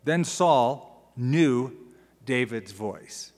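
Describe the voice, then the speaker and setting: A male pastor teaching a sermon, moving between lively storytelling, casual asides and dramatic readings of scripture. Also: mid-range voice, drawn-out words. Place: large church sanctuary. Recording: long church-hall reverb.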